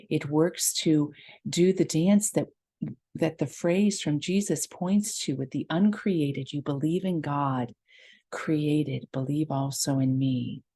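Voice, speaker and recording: A woman leading a guided meditation, explaining a mantra gently before chanting it slowly. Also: low voice, husky. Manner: slow, gentle teaching with sustained chanting. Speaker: meditation leader.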